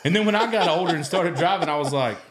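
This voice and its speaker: A man's voice: a little high, quick pace. A man hosting a casual podcast chat, joking, laughing often and acting out the people he talks about. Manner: joking, laughs often, acts out quoted voices. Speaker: podcast host.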